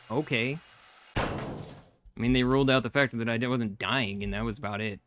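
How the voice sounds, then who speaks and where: A man's voice: on the low side, fairly even intonation, fairly quick, over music. Casual man venting on a game stream. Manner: rambling, frustrated venting with frequent fillers. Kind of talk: casual live-stream chat while gaming.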